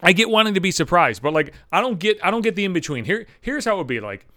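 A man's voice: sits high, big pitch swings, fast talker, bright, forceful tone, no echo, studio quality. A young man in a profane, sarcastic comedic rant. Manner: ranting, profane, sarcastic, with mocking voices for others.

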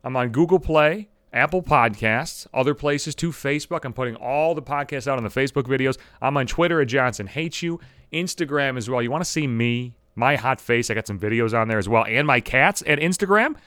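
A man's voice: medium pitch, animated, fairly quick, a bit bright, clean tone, no room sound. A man hosting his own podcast, ranting in a casual comedic monologue, profane and self-mocking. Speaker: podcast host.

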